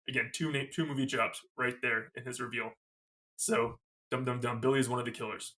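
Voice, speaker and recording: A man's voice: mid-range voice, normal speed. A man co-hosting a podcast, casually recapping a movie scene by scene and quoting its lines. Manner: animated recapping with quoted lines and swearing. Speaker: podcast co-host. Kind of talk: casual movie review chat.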